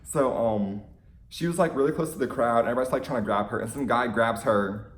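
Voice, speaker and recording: A young man telling an excited fan story in a casual vlog, gushing and full of "like"s. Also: mid-range voice, brisk, reverberant, slight background noise. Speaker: vlogger.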